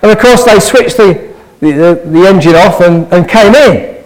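A man's voice: high-pitched, normal speed, low-quality recording. A man preaching a sermon, earnest and pressing his listeners with eager rhetorical questions.

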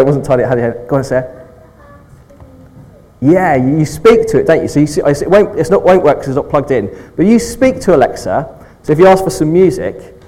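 A man's voice: on the high side, warm tone, low-quality recording. A man leading an informal all-age church talk, friendly and chatty, often checking in with "okay" and talking with children.

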